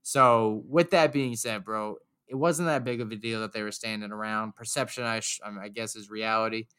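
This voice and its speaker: A young man telling a story in casual chat, animated and profane, acting out the people he quotes. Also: lowish voice, a little fast, clear, resonant tone.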